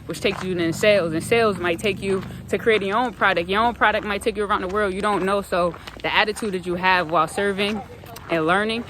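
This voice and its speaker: A faith vlogger talking earnestly outdoors on a hike, giving a motivational devotional talk and repeating phrases for emphasis. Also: male voice, sits high, fairly even intonation, fast talker, pushed and bright, slight background noise. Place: outdoors on a hiking trail.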